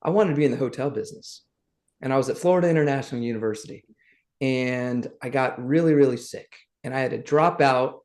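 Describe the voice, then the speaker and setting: A middle-aged man from the South, guesting on a podcast and telling his stories in a lively, animated way. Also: medium pitch, fast. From Southern United States. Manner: lively anecdotes, acts out the people he quotes. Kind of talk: animated storytelling.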